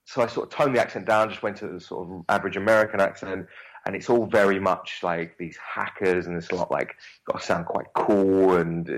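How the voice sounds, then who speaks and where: Young cockney bloke, real low voice, rambling and swearing a lot, casual interview chat. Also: male voice, poor audio. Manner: swears freely, rambling and animated. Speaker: actor guest.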